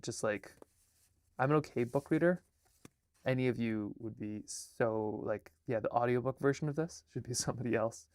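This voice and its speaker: A soft-spoken man chats casually to camera about his art. His voice sits at a middle pitch, and he halts and restarts his sentences, sometimes sinking to a near murmur. The sound is dry and close, with no room echo. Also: fairly even intonation. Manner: halting, with many restarts and fillers. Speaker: artist and filmmaker. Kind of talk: casual vlog chat.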